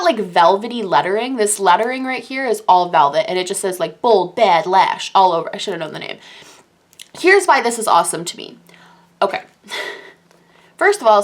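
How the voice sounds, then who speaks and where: A young woman casually reviewing the makeup she loves, gushing in quick, animated bursts of enthusiasm. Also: medium pitch. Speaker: beauty YouTuber.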